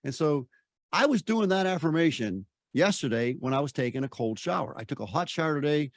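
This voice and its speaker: A man's voice: a little high, animated, a little fast, no echo, studio quality. An older man, a personal development mentor, talking in a casual interview. He is emphatic, repeats himself and acts out voices as he tells stories.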